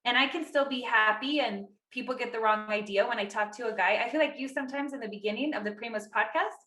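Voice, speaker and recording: Thirties woman, podcast co-host, chatty and animated, crisp bright tone, echoey room. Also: fairly high pitch, fast talker. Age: 30s. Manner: chatty, lots of "like" fillers, acts out quotes. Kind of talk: casual chat.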